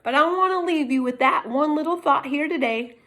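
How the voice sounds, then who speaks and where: A woman with a Texas accent talks to the camera in a casual, preachy way. She leans hard on her points and sometimes leaps up into excited, high exclamations. Her voice sits a little on the high side. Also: a little fast. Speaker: vlogger speaking on constitutional rights. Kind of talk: casual chat.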